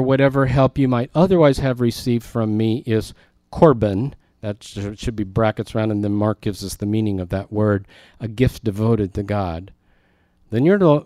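A man of middle pitch leads a Bible teaching, reading verses and then breaking off for lively asides to his listeners. His tone is conversational but emphatic. The sound is dry and close, with no room echo.

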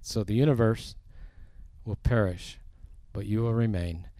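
A man with a fairly low, mellow voice preaches a verse-by-verse sermon, recorded with no room sound. His reading of scripture is slow and deliberate, and he rises in force on the quoted lines.

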